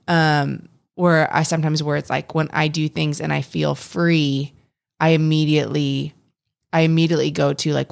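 A woman's voice: low voice, little pitch movement, moderate pace, gravelly, no room sound, clean studio sound. A young adult woman co-hosting a casual faith podcast, earnest and rambling with frequent restarts. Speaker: podcast co-host.

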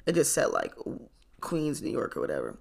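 A young adult vlogger recounting a story in a loose, casual storytime. The voice has a gravelly, fried edge and a middling pitch. The talk is loose and full of fillers, laughs and casual swearing. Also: wildly swooping pitch, fairly quick, a little mellow. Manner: chatty, lots of fillers, frequent laughs and swearing.

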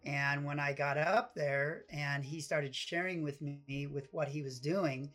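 A woman's voice: sits low, measured pace, soft background music. A woman guest telling a story in a casual interview, acting out the voices of people in it. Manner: animated, acts out quoted voices.

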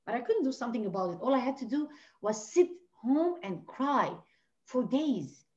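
A woman from Lebanon, a podcast guest telling her personal story with passion, swinging between hushed and near-shouting. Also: on the high side, very animated, moderate pace. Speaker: podcast guest, life coach. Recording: dull lo-fi audio.

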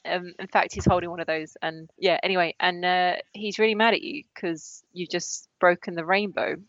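A woman's voice: fairly low pitch, steady tone, normal speed, a bit bright, no echo. Woman guest host, loose giggly improv narration, dry lo-fi podcast sound. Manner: giggly, rambling, second-person narration. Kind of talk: improvised comic storytelling.

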